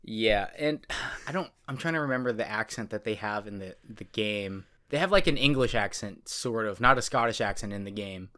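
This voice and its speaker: A man's voice: on the low side, moderate pace, sharp tone. A man co-hosting a podcast in casual chat, rambling and correcting himself, laughing often. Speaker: podcast co-host.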